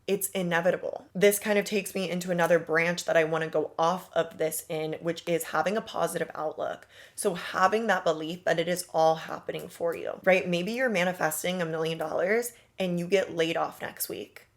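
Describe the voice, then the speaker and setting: A woman's voice: on the low side, normal speed, few pauses. A woman coaching on manifestation in a casual, emphatic monologue, talking straight to the listener with slang and rhetorical questions. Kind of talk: motivational monologue.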